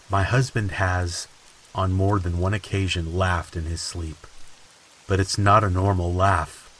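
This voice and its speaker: A man reading creepy stories in a slow, ominous scripted narration. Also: sits low, fairly bright tone, low-quality recording. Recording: faint hiss and rain sounds behind. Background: rain ambience.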